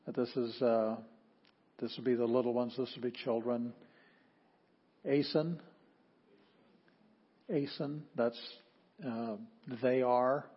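Husky male teacher, unhurried and halting, sounding out words syllable by syllable; dull lo-fi recording. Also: medium pitch, flat delivery. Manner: patient, halting, many ums, sounds out words slowly. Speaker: Greek teacher. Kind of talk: informal classroom lesson.

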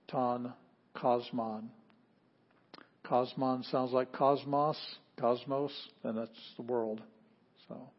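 Male teacher, lesson style, halting readouts, mid pitch, muffled lo-fi audio. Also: husky. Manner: reads Greek word by word, halting. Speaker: Greek teacher. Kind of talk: classroom lesson.

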